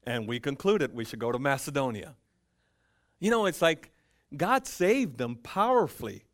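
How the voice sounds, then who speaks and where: A man preaching a sermon as pastor, acting out conversations, swinging between loud emphatic lines and hushed quiet ones, at a church pulpit. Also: mid-range voice, very animated, moderate pace. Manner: acts out dialogue with God and Paul.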